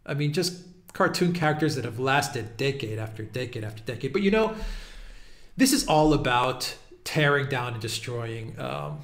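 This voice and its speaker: A man's voice: mid-range voice, expressive, moderate pace. Guy ranting casually on his channel, mocking and fed up, laughs a lot, roomy echo. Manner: exasperated, mocking, laughs often. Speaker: political video host. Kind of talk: casual commentary monologue.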